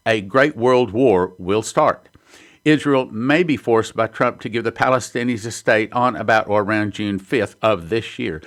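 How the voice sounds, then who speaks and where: A man hosting a prophecy ministry, teaching in a sermon style and reading headlines and quotes aloud earnestly. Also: medium pitch.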